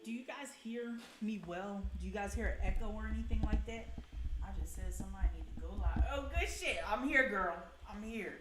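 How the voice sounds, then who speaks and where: A woman's voice: medium pitch, a little fast, echoey room, over music. Profane, blunt woman hosting a livestream. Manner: blunt, profane, chatty, greets viewers by name. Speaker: livestream host. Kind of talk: casual live-stream commentary.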